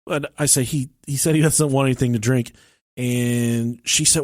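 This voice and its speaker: A podcast co-host with a mid-range voice tells a long, profane story at a moderate pace in casual talk. He's animated, acting out the people in it with shouts and laughter, on a dry, clean studio recording.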